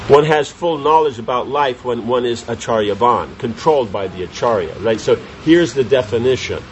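A man's voice: mid-range voice, expressive, normal speed, lo-fi sound, slight background noise. A man giving a scripture class, reading commentary aloud and explaining it with questions to his listeners. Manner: reads commentary then explains with rhetorical questions to the audience. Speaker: spiritual teacher.

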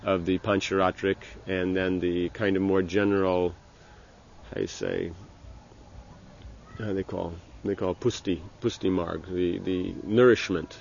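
A man giving an informal religious lecture as a spiritual teacher, talking in a halting way with many restarts and "you know". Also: sits low, fairly even intonation, gravelly, a little mellow, muffled recording, slight background noise.

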